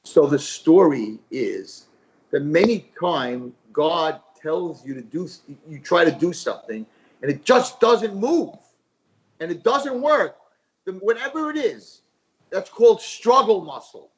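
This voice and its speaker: A man, a rabbi, telling a parable as a guest on a talk show, lively and repetitive. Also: sits high, unhurried, poor audio. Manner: animated storyteller, repeats phrases.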